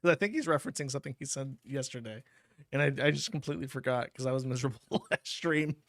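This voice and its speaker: A man's voice: mid-range voice, quick pace, a bit bright, no echo, studio quality. Crude offhand man hosting a stream. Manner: blunt, crude and offhand, laughs often. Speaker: livestream host reading donations. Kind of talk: casual streaming commentary.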